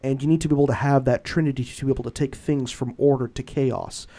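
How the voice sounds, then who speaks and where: A man hosting a podcast who talks in a halting way, with many fillers and restarts. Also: medium pitch, steady tone, mellow. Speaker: podcast host. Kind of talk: casual podcast conversation.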